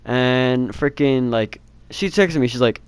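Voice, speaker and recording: A man's voice: medium pitch, slow, smooth, dry recording. A teenage boy telling a rambling storytime, laughing and swearing casually. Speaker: vlogger.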